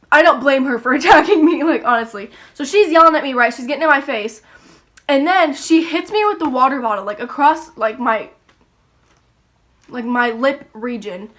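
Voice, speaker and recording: A woman's voice: on the high side, fairly bright tone. A young woman telling a story casually, swearing freely and acting out the voices. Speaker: YouTuber.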